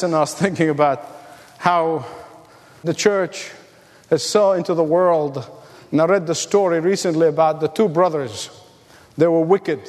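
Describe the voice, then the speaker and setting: A man's voice: high-pitched, in a large hall. A man preaching a sermon as the pastor, building to emphatic, repeated calls.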